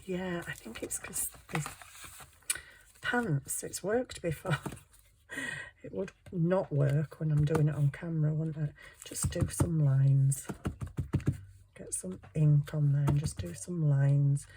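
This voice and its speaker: Woman, low voice, chatty and self-mocking, crafting at home with faint background noise. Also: unhurried. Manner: chatty, self-deprecating, talking to herself while working. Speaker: junk journal crafter. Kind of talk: casual craft tutorial chat.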